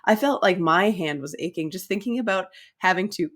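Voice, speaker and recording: A woman co-hosts a casual book podcast, chatting easily and laughing often. Her voice sits a little lower than most women's. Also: fairly quick. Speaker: podcast co-host.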